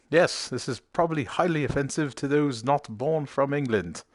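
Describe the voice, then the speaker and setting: A man's voice: mid-range voice, moderate pace, hardly any pauses, dry recording, studio quality. A man giving casual, sarcastic commentary while streaming a video game, swearing now and then. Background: game music.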